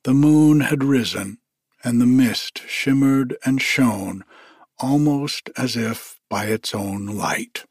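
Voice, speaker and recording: A man narrating a story in a measured, deliberate reading. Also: medium pitch, darkish tone, husky, dry recording, studio quality.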